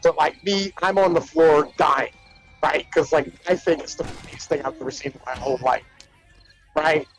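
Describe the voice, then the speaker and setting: Animated high-voiced man telling stories. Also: normal speed, faint music behind, poor audio. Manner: animated, profane, says "right?" and "like" often. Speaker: podcast co-host. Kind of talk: casual chat, retelling comedy bits.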